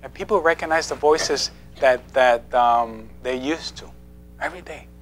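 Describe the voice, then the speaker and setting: A man's voice: mid-range voice, a little slow, soft background music. A man giving a conversational sermon in a church, playful, asking the congregation questions and laughing often. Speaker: preacher. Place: church sanctuary.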